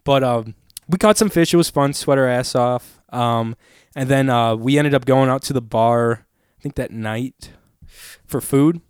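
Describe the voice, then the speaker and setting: A young man in casual chat, telling rambling, animated stories full of fillers and swearing. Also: medium pitch, a little slow, clean tone, no echo, clean studio sound.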